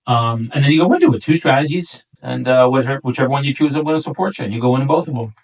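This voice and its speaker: A middle-aged man with a New York accent, coaching a newer agent in a relaxed chat and acting out client talk along the way. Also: rapid-fire, distant mic, poor audio. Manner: easygoing, acts out client lines in a higher voice. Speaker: real estate coach. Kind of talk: casual role-play coaching chat.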